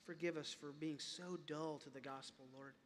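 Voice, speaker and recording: A man preaching a sermon as a pastor, impassioned, often repeating words and rising to loud emphatic peaks. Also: a little high, steady tone, normal speed, slight background noise. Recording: long reverb of a large hall.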